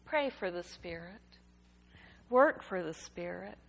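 Slow, gravelly-voiced woman preaching. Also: on the low side, animated. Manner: slow, gentle storytelling delivery. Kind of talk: sermon. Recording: reverberant hall.

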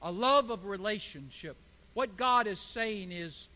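High-voiced, slow, bright male preacher. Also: expressive. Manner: emphatic preaching that swells to forceful declarations. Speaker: pastor. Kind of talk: sermon. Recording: hall reverb.

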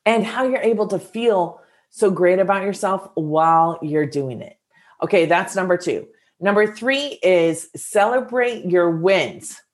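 Earnest low-voiced woman giving a pep talk. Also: a little slow. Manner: casual, earnest and encouraging, with filler words. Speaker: motivational coach. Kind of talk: motivational talk to listeners.

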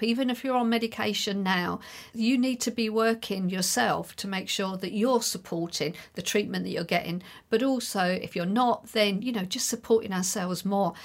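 A middle-aged woman speaks alone on her own podcast, addressing listeners directly. Her delivery is chatty and reassuring, steadily encouraging, in an ordinary mid-range voice. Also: medium pitch. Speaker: podcast host. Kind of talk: solo podcast monologue.

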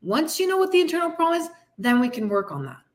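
A woman's voice: high voice, sing-song, fast talker. A woman fitness coach hosting her podcast, giving a blunt, frustrated, swearing tough-love pep talk. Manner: frustrated, venting. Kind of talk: candid motivational monologue.

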